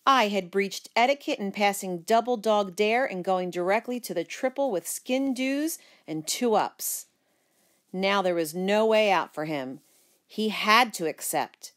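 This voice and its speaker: A woman reading a children's book aloud, narrating in the first person with lively expression. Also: mid-range voice, a little slow. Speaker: storyteller.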